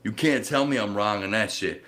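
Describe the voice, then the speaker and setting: A man's voice: fairly low pitch, moderate pace, a bit bright. A man from Canada ranting on a livestream in a rambling, profane, conspiratorial way, tacking "man" onto his sentences.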